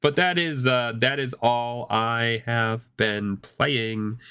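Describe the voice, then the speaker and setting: A man's voice: medium pitch, fairly even intonation, slow, hardly any pauses, bright, forceful tone, smooth. A man co-hosting a gaming podcast, chatting casually and rambling with many restarts, fighting off a cough. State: hoarse with a cough. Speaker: podcast co-host.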